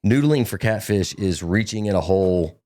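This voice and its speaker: A man with a low voice hosts a casual podcast interview. He asks his questions in a friendly, eager way. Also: lively intonation, normal speed, warm tone. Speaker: podcast host.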